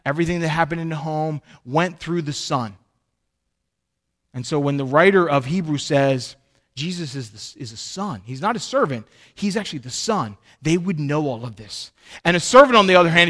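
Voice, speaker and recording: Emphatic preacher man, bright voice. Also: a little high. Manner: animated, emphatic preaching, swinging from loud to quiet. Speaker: pastor. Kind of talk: sermon.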